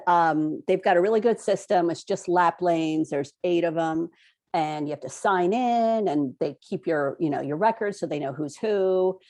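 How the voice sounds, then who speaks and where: A woman's voice: on the low side, warm tone. A woman co-hosting a casual talk show, telling a story animatedly, often laughing and acting out quotes. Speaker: co-host.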